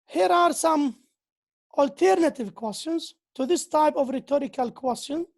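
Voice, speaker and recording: A woman gives an English grammar lecture in a high voice. She talks slowly and deliberately, repeating key phrases and pausing now and then to find her words. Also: gravelly, a little mellow. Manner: slow, repeats key phrases, occasional hesitations.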